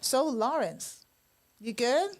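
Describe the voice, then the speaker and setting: A woman's voice: on the high side, lively intonation, slow pace. A woman hosting a live-streamed talk show, bubbly and chatty with frequent laughter. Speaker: host. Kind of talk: casual live-stream chat. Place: indoor studio.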